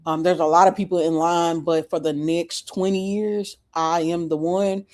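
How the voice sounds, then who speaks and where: A man doing a slow southern-accented angel. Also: fairly high pitch, lightly acted. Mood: mock-solemn. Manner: slow, deadpan, mock-solemn. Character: slow self-important male angel messenger. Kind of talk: comedic improvised bit on a livestream.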